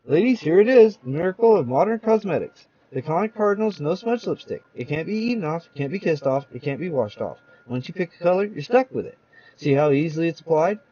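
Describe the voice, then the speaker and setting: A man voicing a perky female TV commercial announcer with an upbeat sales pitch. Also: animated, brisk, dark tone, husky, lo-fi sound. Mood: salesy.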